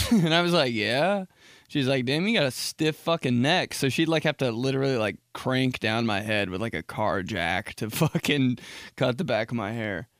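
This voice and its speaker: A young man hosting a solo podcast, rambling and profane, breaking into loud impressions. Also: medium pitch, lively intonation, normal speed, no echo, clean studio sound. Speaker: podcast host. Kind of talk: casual solo podcast monologue.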